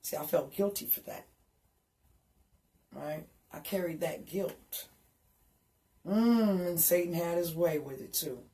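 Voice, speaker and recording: Slow, emphatic woman giving a testimony. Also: on the low side, warm tone. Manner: emphatic, repeats "right?" and "okay?" to the listener. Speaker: speaker sharing a personal testimony. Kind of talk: emotional personal testimony.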